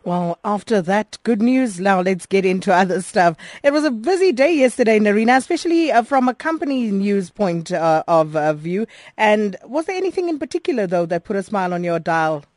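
A woman's voice: medium pitch, lively intonation, fairly quick, darkish tone, dry recording, clean studio sound. A South African woman presenting a radio show and asking her guest friendly, teasing questions. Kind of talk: radio talk show chat.

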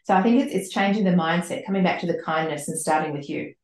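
A woman's voice: on the low side, fast talker, a little mellow. A woman who is a leadership coach and author, answering podcast questions earnestly in long, flowing explanations and repeating words as she thinks. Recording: roomy echo.

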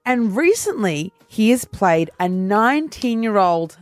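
A woman's voice: medium pitch, big pitch swings, dry recording. Aussie radio lady, laughing a lot, telling a story, dry close mic, bit of music under. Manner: giggly, storytelling, quick asides. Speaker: radio host. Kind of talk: casual on-air banter.

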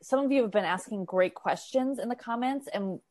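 A woman's voice: a little high, normal speed, darkish tone, no room sound. A woman hosting a podcast, affirming her guests and speaking directly to listeners. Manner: affirming, friendly, addresses listeners. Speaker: podcast host.

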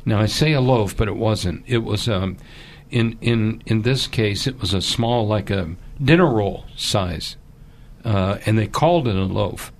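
Man, fairly low voice, impassioned fundraising appeal, halting emotional storytelling, urgent pleading. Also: a little hiss or hum. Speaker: charity appeal guest.

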